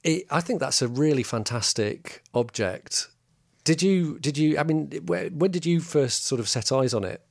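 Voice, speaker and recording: A man's voice: a little high, animated, normal speed, vocal fry, dry recording, clean studio sound. A man, a stand-up comedian co-hosting a podcast, chatting in a self-mocking way and laughing often. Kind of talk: casual podcast chat.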